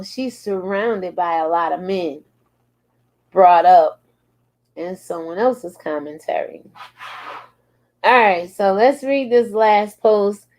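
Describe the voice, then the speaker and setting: A woman's voice: mid-range voice, dark tone. A woman hosting a casual commentary show, reading posts aloud and reacting with frequent laughs. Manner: slow, drawling, laughs often. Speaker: commentary channel host.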